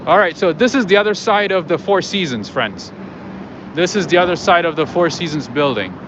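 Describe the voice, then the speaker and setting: A chatty man talks to his viewers as he walks along a city street at night. His commentary rambles and is full of fillers, with traffic and street noise loud around him. The sound is a bit muffled. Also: on the high side, expressive, fairly quick. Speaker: livestream host. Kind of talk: casual walking commentary to viewers.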